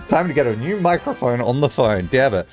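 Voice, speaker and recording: A man livestreaming, chatting casually with his viewers in a lively, rambling way, swearing freely and filling his talk with "like". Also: on the high side. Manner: animated, chatty, swears casually, many "like" fillers. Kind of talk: casual livestream chat, answering chat.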